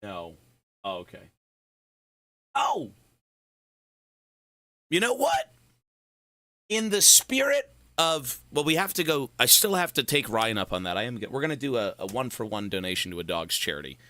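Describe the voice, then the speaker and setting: A man with a hoarse, worn-out voice chatting casually with viewers on a gaming live stream, loose and swearing. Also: medium pitch, sing-song, bright, forceful tone, no room sound. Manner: slow, loose, swearing banter. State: hoarse, sore throat. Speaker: gaming livestreamer.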